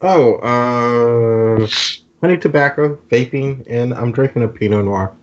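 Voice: medium pitch, a little slow, a little mellow, highs cut off. A laid-back guest on a casual podcast chat, giving short, dry replies.

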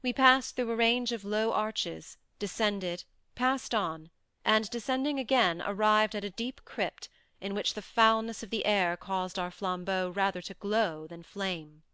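A woman narrating a classic short story as an audiobook, in measured, steady storytelling. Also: medium pitch, smooth, dry recording. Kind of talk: scripted narration.

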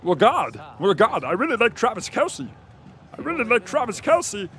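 Dude doing a squeaky goofy puppet voice, way up high, all over the place. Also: male voice, big pitch swings, moderate pace, fairly bright tone, exaggerated voice. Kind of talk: comedic impression on a stream.

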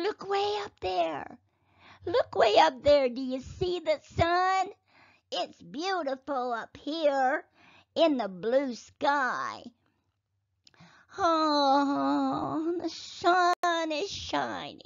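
A woman narrating a toy play video for toddlers in an excited, sing-song voice, speaking as a cheerful toy character. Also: high voice, extremely slow, creaky, no echo, dull audio. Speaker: children's video host.

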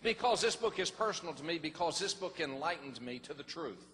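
A middle-aged man, a pastor telling a personal story in a sermon, folksy and animated. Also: fairly high pitch, brisk. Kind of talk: sermon testimony. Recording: long hall reverb, faint noise.

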